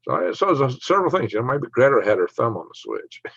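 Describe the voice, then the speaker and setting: A man with a Southern twang hosting a casual livestream, talking quickly, joking and laughing often as he reads viewer comments. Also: medium pitch, big pitch swings, gravelly, a bit bright, husky, no echo. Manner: fast talker, laughs often, jokey. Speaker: livestream host. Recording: dry, dull lo-fi stream audio.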